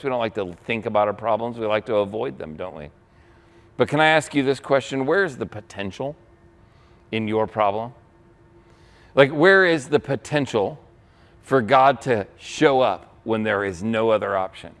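A young adult man preaching a sermon as pastor, conversational, often checking in with the congregation with quick asides. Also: fairly low pitch, lively intonation.

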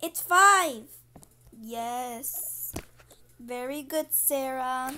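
A young female voice playing a teacher who mumbles softly to herself and praises her class, in a homemade skit with fan noise behind. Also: high-pitched, very slow, exaggerated voice. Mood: praising. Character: teacher, a patient adult woman.

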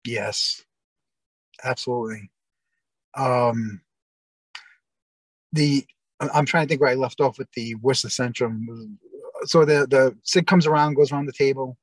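A man's voice: mid-range voice, unhurried, long pauses, dry recording, poor audio. A man telling long, rambling stories as the guest in an interview, often restarting and quoting what people said. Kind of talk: casual storytelling interview.

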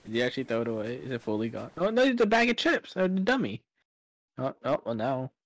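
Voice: mid-range voice, sing-song, fast talker, dry recording. A friend joking and teasing while watching someone play a game. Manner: teasing, joking, reads game lines in silly voices. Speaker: co-commentator friend. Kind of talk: casual banter over a game.

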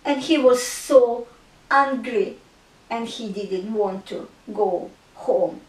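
A woman retells a Bible parable in a slow, earnest storytelling manner. Her voice sits high, and her phrasing is simple and unhurried. The recording is roomy, with the mic set a little away from her. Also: distant mic. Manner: slow, earnest storytelling with non-native grammar. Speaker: Christian artist and speaker. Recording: echoey room, speaker away from mic.

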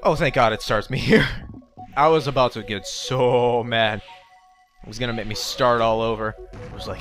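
A man's voice: medium pitch, steady tone, moderate pace, fairly bright tone, faint music behind. A young man rambling through gameplay commentary, joking to himself and yelping in panic at his mistakes. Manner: rambling, jokey, yelps in panic. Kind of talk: let's play commentary.

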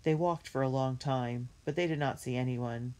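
A woman reading a children's book aloud in a clear, measured storytelling manner. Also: very deep voice, darkish tone. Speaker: reader.

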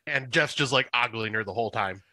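A man's voice: mid-range voice, brisk, pushed and bright. A man guesting on a podcast, chatting casually about a film and laughing often, with jokey interjections. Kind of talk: casual movie recap chat.

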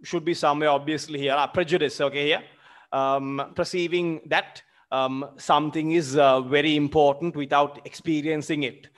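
A man teaching a literature lesson, halting with many fillers and checks. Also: a little high, steady tone. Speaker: literature lecturer.

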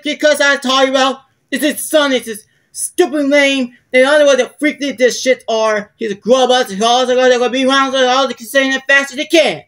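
A woman's voice: high-pitched, a bit bright. Woman doing a sulky hot-tempered character. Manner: rambling, irritable, grumbling. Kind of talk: fan plush-toy video acting.

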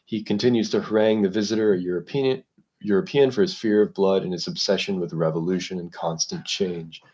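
A man hosting a literature discussion, explaining a book in a measured, analytical way while thinking aloud. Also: low voice, steady tone, a little mellow.

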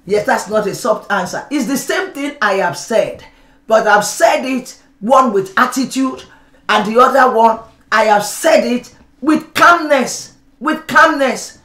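A woman's voice: on the high side, lively intonation, unhurried, fairly bright tone. A middle-aged woman pastor preaching a sermon, calling on the congregation to respond and acting out everyday examples. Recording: roomy church sound.

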